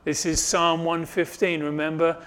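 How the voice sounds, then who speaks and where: A male pastor preaching a sermon, building up loud on key points and dropping soft at the close, with frequent restarts. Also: little pitch movement, a little slow, smooth. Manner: rises and swells when stressing a point, then drops low and soft; repeats and restarts phrases while preaching.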